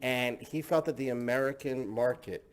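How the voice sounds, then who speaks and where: A man's voice: medium pitch, normal speed. A man hosting a casual tasting discussion, enthusiastic and chatty, often repeating himself. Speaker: host.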